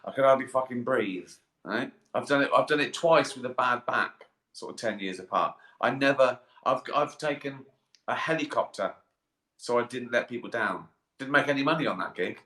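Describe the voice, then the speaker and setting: A man's voice: mid-range voice, moderate pace, pushed and bright. Tired, chuckling man in an echoey bathroom. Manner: rambling, swearing, chuckling. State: tired and sleepy. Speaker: comedian hosting a live stream. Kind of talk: casual live-stream chat. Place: in a bath, bathroom.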